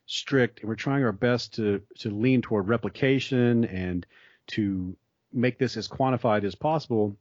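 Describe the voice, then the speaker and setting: A man's voice: mid-range voice, measured pace, a little mellow, no echo. A man in a conversation, explaining ideas at length in a thoughtful way with frequent restarts. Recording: dry, slightly dull sound.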